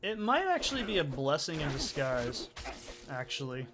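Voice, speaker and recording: A man with a fairly high voice talks through his gameplay in a loose, offhand way, swearing as he thinks out loud. Game music plays clearly underneath him. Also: sing-song, moderate pace. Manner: swears freely, musing aloud. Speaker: let's play host. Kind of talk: casual gameplay commentary.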